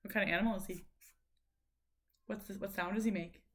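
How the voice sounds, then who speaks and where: A woman's voice: mid-range voice, fairly even intonation, fairly bright tone. A mother patiently coaching her son through speech practice at home, prompting him and cheering him on. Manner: patient, encouraging, drawn-out prompting.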